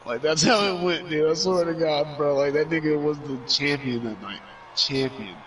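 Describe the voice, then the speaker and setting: A man's voice: on the high side, normal speed, lo-fi sound, a little hiss or hum. A man streaming, telling a long story in a rambling way, full of filler words and cursing. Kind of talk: casual storytelling. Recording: voice somewhat far from mic.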